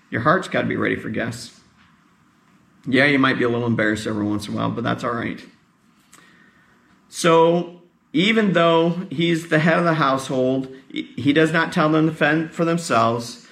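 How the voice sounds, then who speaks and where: A man's voice: medium pitch, creaky, fairly bright tone, roomy sound. A male pastor giving a conversational sermon, tired, often asking his congregation questions.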